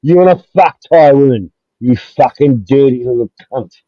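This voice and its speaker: A man's voice: medium pitch, normal speed. A man hosting a livestream, ranting aggressively and swearing again and again. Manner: aggressive, swearing, repetitive, heated. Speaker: livestream host. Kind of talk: profane livestream rant. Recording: dull lo-fi dry stream audio.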